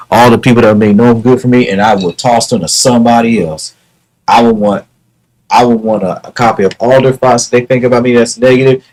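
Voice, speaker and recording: A man's voice: mid-range voice, rough recording. A man talking casually on his own livestream, earnest and repetitive, often restarting his words. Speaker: live streamer.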